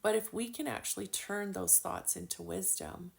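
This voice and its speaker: A woman's voice: medium pitch, normal speed, gravelly. A woman giving a casual spiritual lesson with oracle cards, chatty and full of fillers, swearing now and then. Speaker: spiritual card reader.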